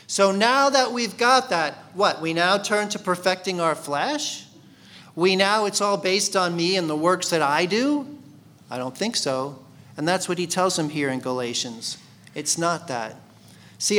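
A man's voice: sits high, fairly bright tone. A man teaching a Bible study sermon in a conversational way, asking his listeners questions. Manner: conversational, asks the congregation questions.

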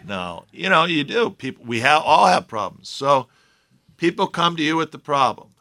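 A man's voice: on the high side, sing-song, normal speed, pushed and bright. A man preaching a sermon in a conversational way, with joking asides to his listeners. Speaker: pastor.

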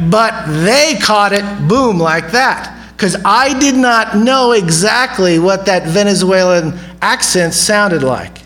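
A man's voice: high-pitched, expressive, takes it slowly, few pauses, a bit bright, low-quality recording. A man preaching a sermon in a conversational way, often asking the audience questions. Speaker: pastor.

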